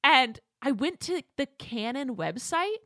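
A woman hosting a casual chat show with her mother, ranting in an animated way and laughing often. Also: sits high, unhurried, no echo, studio quality. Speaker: host. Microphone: studio microphone.

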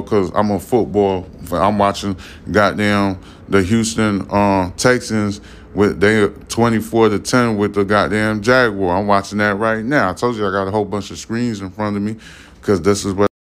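A man's voice: fairly low pitch, fairly even intonation, moderate pace, a little hiss or hum. A man in his forties hosting a podcast, telling stories in a casual monologue full of profane street slang and asides. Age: 40s. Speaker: podcast host.

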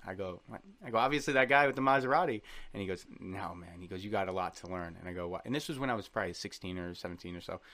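Brief: low-voiced man, quick talker, podcast guest who rambles through stories and jokes. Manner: rambling storyteller, lively and joking. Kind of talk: casual chat.

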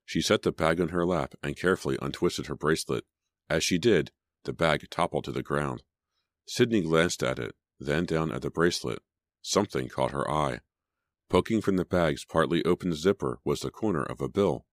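A man with an extremely deep voice narrates an audiobook in a measured, storytelling way. The read is dry and close to the mic, with no room around it. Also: no room sound. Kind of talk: scripted narration.

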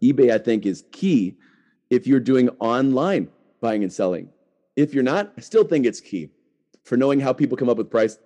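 A man's voice: medium pitch, expressive, moderate pace, dark tone, dull audio. A middle-aged man hosting a podcast, talking casually with lots of "like" and restarts. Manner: chatty, full of "like" and restarts. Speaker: podcast host.

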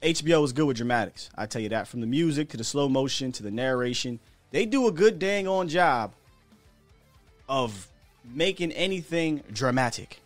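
A man's voice: mid-range voice, expressive, moderate pace, no echo. Man, american, podcast host, casual sports chat, candid and slangy, faint music under, dry close sound. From United States. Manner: chatty and candid, slangy, chuckles between points. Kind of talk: casual sports talk commentary.

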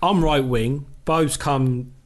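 Man telling a lively story. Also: medium pitch, takes it slowly. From England. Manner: animated, swears freely, acts out quotes. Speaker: podcast guest, former footballer. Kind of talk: casual storytelling.

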